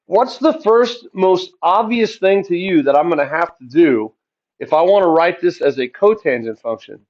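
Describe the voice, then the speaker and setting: A man teaching a math lesson, asking the class questions and answering them himself in a relaxed, chatty way. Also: a little high, muffled recording. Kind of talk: classroom lecture.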